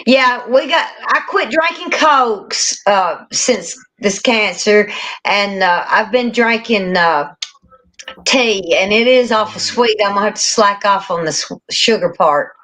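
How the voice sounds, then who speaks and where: A woman's voice: medium pitch, unhurried, fairly bright tone. A woman from Tennessee with a Southern accent, chatting casually as a guest and laughing often. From Tennessee, USA. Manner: folksy, drawling, laughs often. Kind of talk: casual chat on a livestream.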